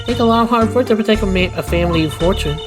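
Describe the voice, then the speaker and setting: A man doing a fan dub of a video game, voicing an intimidating older gangster's wife in a husky old lady voice over game music. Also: high-pitched, fast, pitched above the performer's own voice, lightly acted. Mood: menacing.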